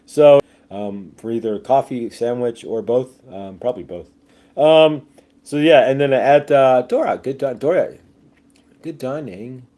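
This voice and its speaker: A man's voice: medium pitch, a little slow, dark tone. A man hosting a casual livestream, rambling with many fillers and jokey asides, reading viewer comments aloud. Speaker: livestream host.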